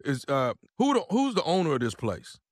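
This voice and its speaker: A man playing an irate husband who rants loudly in slangy talk and makes threats. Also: on the high side, huge pitch swings, moderate pace, no echo, clean studio sound. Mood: blustering. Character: irate loud husband ranting about his wife's eyelashes. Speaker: prank caller.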